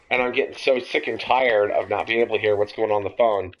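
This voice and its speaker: A young man hosting a podcast, telling a long story in a casual, rambling, animated way and swearing freely. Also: mid-range voice, fast, hardly any pauses. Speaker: podcast host. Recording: dull lo-fi audio.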